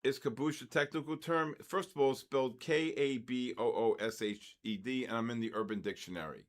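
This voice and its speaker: Older New trader hosting a live session, rambles and rants between market calls. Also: male voice, medium pitch, fairly quick. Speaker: trading session host. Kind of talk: casual live trading commentary.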